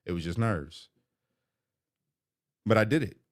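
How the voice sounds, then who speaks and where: Deep voiced guy vlogging, opening up about a rough day, rambly and candid. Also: lively intonation, unhurried. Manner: candid, emotional, rambling with fillers. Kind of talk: personal vlog, confessional storytelling.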